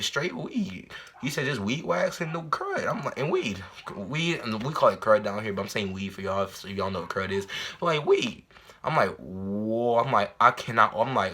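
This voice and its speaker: Young man, storytime vlog, bright forceful voice, rambling slang, loud high bursts when acting out scenes. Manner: rambling, repeats himself, slangy. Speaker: vlogger. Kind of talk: casual storytime.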